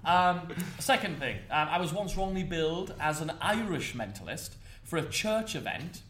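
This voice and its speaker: A man's voice: fairly high pitch, normal speed, slight background noise. A man from North East England with a Geordie accent, a mentalist performer telling stories in a casual panel chat, laughing often. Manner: animated, laughing storyteller.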